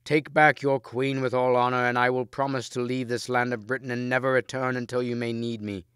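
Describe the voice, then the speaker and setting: Male reader doing an earnest courtly knight, raised pitch, crisp dry sound. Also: flat delivery, fairly quick, a bit bright, no room sound, lightly acted. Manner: earnest and raised, formal old speech. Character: noble knight, courteous, proud and grieving.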